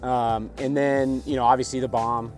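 A man's voice: mid-range voice, moderate pace, soft background music. A man, a professional golfer, chatting casually on an outdoor golf course about his shots. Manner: relaxed, animated, explains his game in detail.

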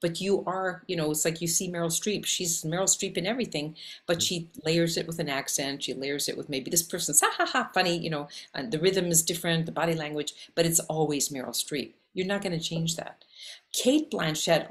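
A woman from Canada with a Canadian accent, an actress and acting coach talking animatedly in an interview, often rattling off lists. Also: sits low. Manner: animated, talks in quick lists. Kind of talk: casual interview conversation.

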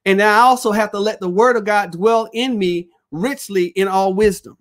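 A man's voice: sits high, moderate pace. A male pastor teaching a Bible study, preaching with call-and-response phrases and reading scripture aloud.

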